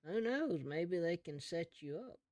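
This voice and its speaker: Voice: medium pitch, animated, unhurried, a little mellow, dry recording, natural voice. A game master voicing a blunt, folksy frontier townsman with a plain drawl.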